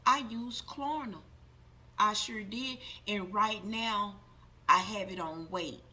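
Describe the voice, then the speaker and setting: Emphatic woman vlogger with a bright voice. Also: medium pitch, takes it slowly. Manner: emphatic, repeats herself, addresses viewers as guys. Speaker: tarot vlogger. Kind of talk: casual product review to camera.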